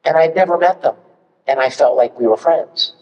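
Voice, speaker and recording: A man talking on a convention panel, chatty and animated as he tells stories. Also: a little high, normal speed. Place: large convention hall. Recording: echoey hall from far off, muffled.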